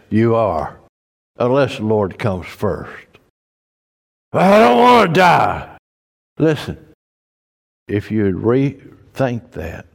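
A man preaching a sermon, slow and emphatic, rising loud when he reads scripture aloud. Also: fairly low pitch. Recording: long hall reverb.

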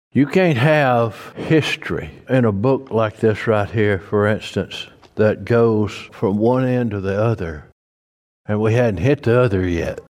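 A man preaching a sermon, slow and emphatic, rising loud when he reads scripture aloud. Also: on the low side. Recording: long hall reverb.

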